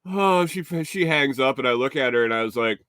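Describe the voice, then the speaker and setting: A man's voice: mid-range voice, animated, brisk, fairly bright tone, clear, resonant tone, dry recording, clean studio sound. A man hosting a casual morning show, telling a story with frequent chuckles and cursing, and reading out viewer comments. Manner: chuckles through his story, swears freely, reads viewer comments. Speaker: show host.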